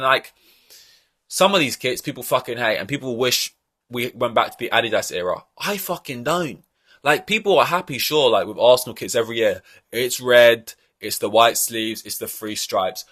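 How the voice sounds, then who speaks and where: A man's voice: mid-range voice, brisk, sharp tone, no echo, studio quality. A man hosting a podcast, giving blunt, profane opinions in a rambling, casual way. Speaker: podcast host. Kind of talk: casual ranting podcast chat.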